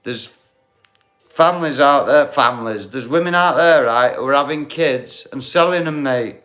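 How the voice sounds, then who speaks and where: A man's voice: medium pitch, moderate pace, fairly bright tone, soft background music. A man hosting a live stream, chatting bluntly with viewers, heated and swearing freely. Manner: blunt, heated, swears, talks straight to the chat.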